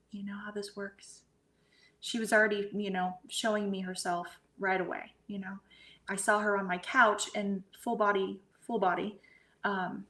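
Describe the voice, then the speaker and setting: A middle-aged woman, a guest medium, telling a personal story softly and haltingly, often sinking into a breathy whisper. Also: mid-range voice. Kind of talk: emotional personal storytelling in a podcast interview. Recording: roomy echo.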